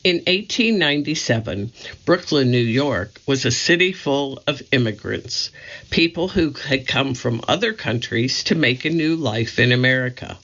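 A woman reading a children's book aloud for a library audio reading service, with slow, deliberate, expressive delivery. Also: very deep voice. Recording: dull lo-fi audio.

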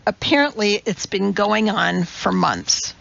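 A woman voicing a no-nonsense woman chemist who scolds in clipped, exact phrases. The delivery is slow and gravelly, and the recording sounds a bit dull. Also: medium pitch, lively intonation, a bit bright, full character voice. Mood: indignant. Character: brisk, imperious woman chemist, indignant mother.

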